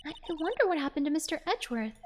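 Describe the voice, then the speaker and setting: Curious young sidekick girl reading game lines aloud, a woman in a bright high voice, fast. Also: very animated. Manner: quick, higher-voiced asides.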